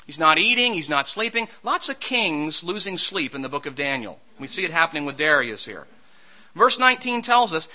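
A man's voice: on the high side, sing-song, moderate pace, bright, forceful tone, low-quality recording. A man preaching a sermon, reading scripture and retelling it expressively, sometimes acting out the figures.

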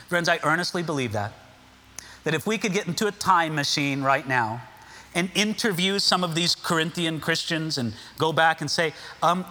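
A man's voice: a little high, normal speed, bright, forceful tone. A man preaching a sermon, emphatic and full of rhetorical questions. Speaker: pastor.

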